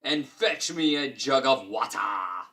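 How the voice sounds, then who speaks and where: A dim-witted, boastful giant from a storybook, booming out each word slowly and loudly, as a man reading the tale puts him on. The voice is bright and forceful, and it drags along at a heavy, unhurried crawl. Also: expressive. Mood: gruff. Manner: loud, slow, booming.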